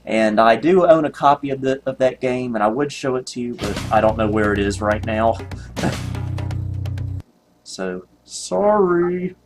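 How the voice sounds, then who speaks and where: A man's voice: mid-range voice, expressive, measured pace, over music. A man, rambling and joking at himself with many ums while commenting on gameplay. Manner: rambling, self-mocking, many ums and laughs. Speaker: retro computer video host.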